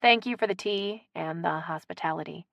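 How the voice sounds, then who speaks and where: A woman's voice: on the low side, moderate pace, creaky, a bit bright, dry recording, clean studio sound. A woman voicing a polite, reserved woman new to town.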